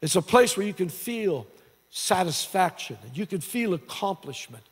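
Man, pastor, sermon, stumbling restarts, high pitch. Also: sing-song, moderate pace, husky. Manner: preaching with many restarts and repeated words. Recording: long hall reverb.

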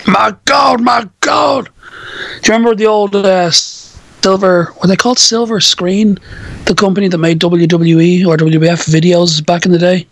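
A chatty, giggly man co-hosting a podcast, tripping over his words as he goes. His voice is a touch high, and the recording is dry and close. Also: flat delivery, normal speed, no echo. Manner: chatty, giggly, stumbling restarts. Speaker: podcast co-host. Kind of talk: casual wrestling recap chat.

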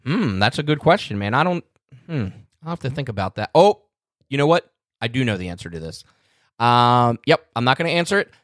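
A man's voice: medium pitch, sing-song, a little fast, fairly bright tone, dry recording, clean studio sound. Laid-back man hosting a podcast. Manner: easygoing, laid-back, laughs often. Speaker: podcast host. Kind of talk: casual podcast chat.

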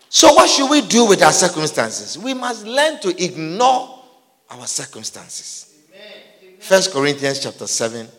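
A man preaching a sermon, emphatic and repetitive, often rising to shouts. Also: medium pitch, long reverb tail.

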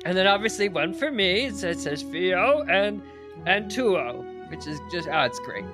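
A man playing his character in a tabletop game, rambling excitedly with many restarts. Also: sits high, moderate pace, over music. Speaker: player. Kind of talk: tabletop role-play in character.

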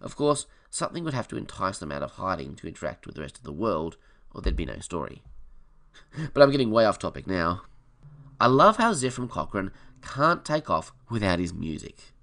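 Lively, gravelly-voiced man reviewing films. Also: low-pitched, normal speed. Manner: enthusiastic fan, opinionated asides. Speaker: film reviewer. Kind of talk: casual review commentary.

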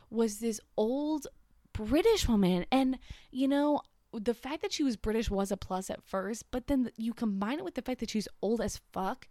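A woman's voice: medium pitch, mellow, no room sound. Chatty young woman podcasting, dry sound. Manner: chatty, swears freely, self-deprecating asides. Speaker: podcast host. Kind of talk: casual solo podcast storytelling.

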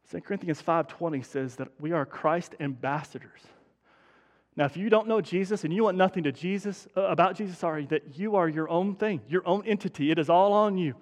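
A male pastor with a high voice delivers a conversational sermon and drives home his points by repeating them. His voice carries a long reverb from the church hall. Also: a little fast. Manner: conversational preaching with emphatic repetition.

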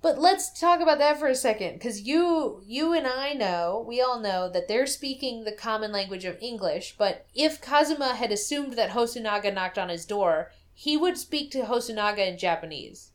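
A woman's voice: on the high side, normal speed, few pauses. A woman in casual chat, recapping a game's plot and acting out the characters' lines as she goes. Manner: animated storyteller, acts out quotes. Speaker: podcast co-host.

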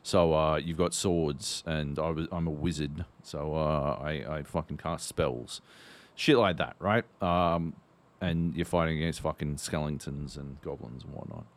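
A man's voice: extremely low pitch, unhurried. A man co-hosting a podcast in casual chat, telling a rambling story with plenty of swearing. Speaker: podcast co-host.

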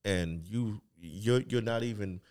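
A man's voice: fairly low pitch, slow pace, darkish tone, clear, resonant tone. A man chatting casually on a podcast, blunt and slangy, often agreeing with the others.

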